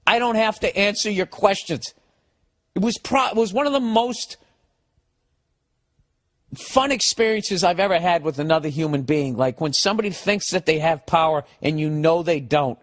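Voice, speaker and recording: A man's voice: high-pitched, moderate pace. A man, telling a profane comic story as a podcast host and acting out other people's lines. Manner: animated, swearing, acts out other people's lines, laughs. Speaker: comedian on his podcast. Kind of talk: profane comedic storytelling rant.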